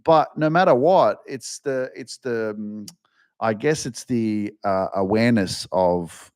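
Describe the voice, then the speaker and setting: A man hosting a self-help podcast, delivering a blunt motivational monologue full of swearing that often climbs into an impassioned, higher-pitched rant. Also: takes it slowly, darkish tone, clear, resonant tone.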